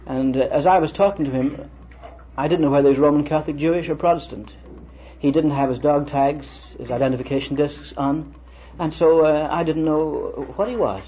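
A man's voice: on the high side, moderate pace, warm tone. An older man giving a lecture-style sermon, telling stories and quoting conversations in a conversational way. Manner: storytelling, conversational, quotes others in dialogue. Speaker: preacher lecturing. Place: lecture hall with students. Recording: dull lo-fi vintage recording with faint hiss.

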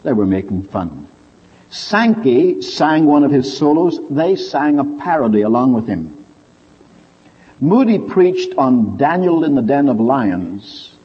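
Male preacher, husky and animated, recorded lo-fi in a big echoing hall. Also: slow pace. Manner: lively storyteller with wide pitch swings. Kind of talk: sermon storytelling. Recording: dull lo-fi recording with long hall reverb.

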